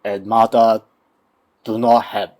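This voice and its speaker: A man with a Hong Kong accent, an English learner who speaks in halting, repeated phrases in a casual lesson. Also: on the low side, level tone, a little mellow. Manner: halting, repeats words, hums along.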